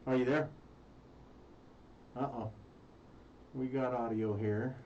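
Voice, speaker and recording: A man's voice: mid-range voice, steady tone, slow pace, mellow. A man hosting a live radio stream, casual and a little fumbling with the equipment, apologizing to listeners. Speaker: radio show host. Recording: distant, muffled, faint noise.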